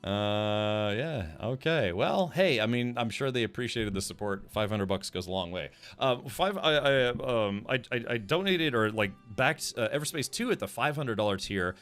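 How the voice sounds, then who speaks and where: Male streamer, casual live gaming chatter, animated pitch, rambling delivery, light music bed. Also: normal speed, hardly any pauses, smooth. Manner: rambling, restarts sentences, reads chat aloud.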